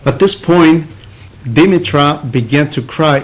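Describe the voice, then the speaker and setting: A man telling a story in a talk, acting out the people in it with lively shifts of voice. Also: on the high side, measured pace, low-quality recording. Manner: animated, acts out the speakers in his story. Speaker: priest telling a story of an elder.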